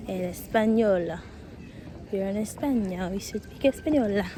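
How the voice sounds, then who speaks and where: A woman's voice: medium pitch, lively intonation, unhurried, dark tone. Chatty woman vlogging outdoors. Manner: chatty, playful asides to viewers. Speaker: travel vlogger. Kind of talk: casual travel vlog chat. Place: outdoors at a hilltop palace site. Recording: outdoor ambience and passing vehicle noise.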